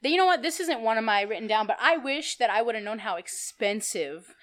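A young woman co-hosting a podcast, chatting casually, laughing often and telling stories with lively swearing. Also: on the high side, a little fast, a crowd in the background. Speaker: podcast co-host. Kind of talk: casual chat.

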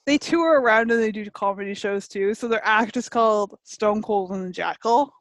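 A woman's voice: medium pitch, moderate pace, dry recording. A woman chatting casually on a podcast, giggly and full of "like". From Canada. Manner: chatty, giggly, lots of "like" and laughs. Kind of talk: casual chat.

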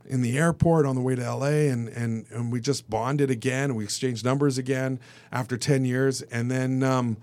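Male actor guest on a radio show: mid-pitched, chatty storyteller, acts out his quotes. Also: normal speed, no echo. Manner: animated, acts out quoted voices, turns emotional. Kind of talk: casual storytelling in a radio interview.

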